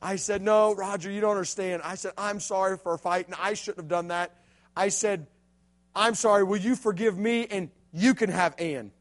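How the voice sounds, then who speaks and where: Man, youth pastor, very high voice, hushed-to-loud sermon delivery. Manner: storytelling preacher, swings from hushed to loud and emphatic.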